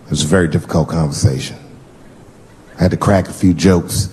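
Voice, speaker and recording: A man performing stand-up comedy, animated and acting out the people in his story. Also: rumbling low, brisk, pauses often, slight background noise. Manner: animated, acts out voices.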